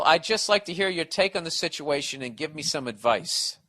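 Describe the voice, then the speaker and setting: A middle-aged man hosts a comedy podcast alone, with a bright, forward voice. He rants, swears and mocks, sounding exasperated while he hands out blunt advice. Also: on the high side, animated, normal speed, few pauses. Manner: profane, exasperated, sarcastic ranting. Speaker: podcast host giving advice. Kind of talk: ranting comedic podcast monologue.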